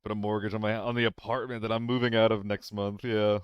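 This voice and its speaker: Young guy streaming, joking around w chat, smooth clear voice. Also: fairly low pitch, level tone, fast, no echo, lo-fi sound. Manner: playful, apologetic, laughs often. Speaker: game streamer. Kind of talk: casual live-stream chat with viewers.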